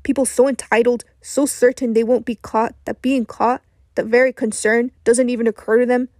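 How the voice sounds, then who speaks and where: A woman's voice: a little high, flat delivery, normal speed, a little mellow, no echo, clean studio sound, close to an everyday voice. A woman voicing an older man, an earnest and disappointed mentor who presses with questions, in an audiobook reading.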